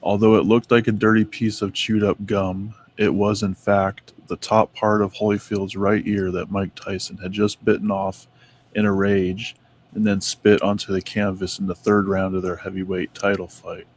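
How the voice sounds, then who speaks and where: A man's voice: on the low side, flat delivery, normal speed, slight background noise. A man co-hosting a casual talk, reading notes aloud and stumbling over names. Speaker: co-host reading Mandela effect notes. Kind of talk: casual chat.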